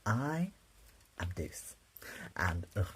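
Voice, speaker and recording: A man's voice: fairly low pitch, big pitch swings, extremely slow, noisy background. A young man, chatting casually and self-mockingly through a makeup tutorial. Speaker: drag performer.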